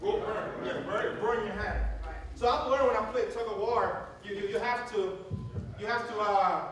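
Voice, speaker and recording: High-voiced preacher in an echoey church. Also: male voice, moderate pace, noisy background. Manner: animated, asks the congregation to fill in words. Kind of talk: call-and-response sermon. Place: church sanctuary with congregation. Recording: echoey church from far off, crowd.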